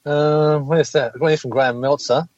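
A man's voice: a little high, steady tone, normal speed, darkish tone, dry recording, dull audio. A man co-hosting a podcast, reading listener letters aloud with many hesitations. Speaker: podcast co-host.

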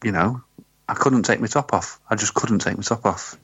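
Deadpan sweary man. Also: on the low side, moderate pace, slightly rough, no echo, dull audio. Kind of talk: crude comedic banter.

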